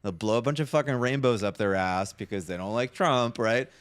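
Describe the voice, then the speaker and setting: Fairly quick and smooth, a medium-pitched podcast co-host rants casually, full of profanity and frequent "like" and "right?". There's no room sound at all.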